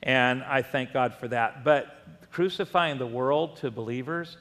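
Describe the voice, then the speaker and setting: An older man preaching a sermon as pastor, animated, with storytelling asides and laughs. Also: medium pitch, a little slow. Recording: long reverb of a church hall.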